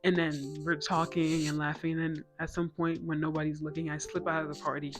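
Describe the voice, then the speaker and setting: A woman in her twenties telling a personal story to camera in a casual vlog, chatty with quick self-mocking asides. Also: low-pitched, flat delivery, music in the background. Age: 20s. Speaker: storytime vlogger.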